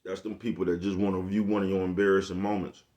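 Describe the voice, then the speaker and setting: A man's low, warm voice moves at a quick pace with a flat delivery in a laid-back vlog monologue. His casual talk is thick with profane slang and repeated check-ins with the listener.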